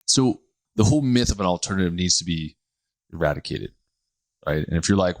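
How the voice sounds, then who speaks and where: A man in his thirties hosting a casual health podcast, talking bluntly with quick self-corrections and asides. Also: low-pitched, animated, dry recording. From United States. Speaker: podcast host, chiropractor.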